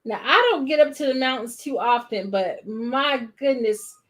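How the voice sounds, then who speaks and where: Woman, reaction host; higher-pitched, rambling, disbelieving commentary on a film. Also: expressive, moderate pace, hardly any pauses, fairly bright tone. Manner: talks back at the screen in disbelief; chatty, rambling, with trailing restarts. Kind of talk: casual watch-along commentary.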